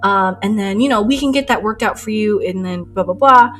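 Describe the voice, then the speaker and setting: A woman's voice: medium pitch, brisk. A young adult woman streaming while she paints, chatting casually, laughing often and telling stories animatedly. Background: soft lo-fi music.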